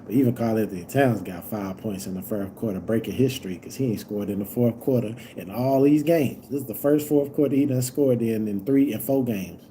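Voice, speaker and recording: A young man reacting live to a basketball game, yelling at the players and swearing, moving from low grumbling to loud outbursts. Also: a little fast, few pauses, slight background noise. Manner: yells at the players, profane and exasperated; swings from low muttering to loud shouts.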